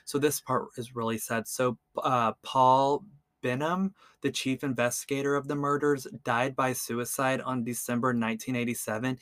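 Bright-voiced man telling a true crime story. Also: medium pitch, normal speed, no echo. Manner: relaxed, peppered with "like" and "um". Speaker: podcast host.

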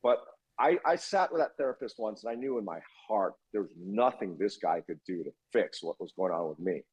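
A middle-aged man with a husky, slightly breathy voice tells a story from his own life. His pitch swings widely as he acts out other people's lines, and he curses casually along the way. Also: a little fast, highs cut off. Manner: animated storyteller, swears freely, acts out quoted voices. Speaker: guest.

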